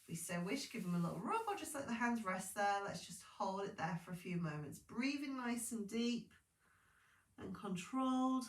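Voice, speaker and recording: A woman teaching pilates gives guided instructions at a normal speed in a medium-pitched voice, far from the microphone in an echoey room. Calm and encouraging, she adds chatty asides, yet she's clearly sleepy and yawning.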